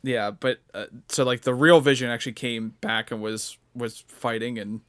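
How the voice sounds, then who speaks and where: Young guy rambling on a podcast, lots of likes and uhs, average pitch. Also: steady tone, moderate pace, a bit bright. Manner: rambling, many fillers and restarts. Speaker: podcast co-host. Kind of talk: casual chat.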